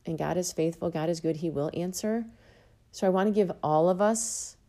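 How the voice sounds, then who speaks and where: Low, mellow woman giving a devotional. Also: moderate pace. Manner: earnest and encouraging, with repeated phrases. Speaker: Bible teacher. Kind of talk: devotional sermon.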